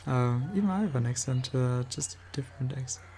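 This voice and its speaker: A man with a strong German accent, speaking English as a second language, chats casually while he plays a game. His voice is gravelly and mellow, and he pauses often, feeling around for the right words. The delivery is easygoing and unhurried. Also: mid-range voice, slight background noise. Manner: halting, searching for words. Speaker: streamer. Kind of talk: casual chat while gaming.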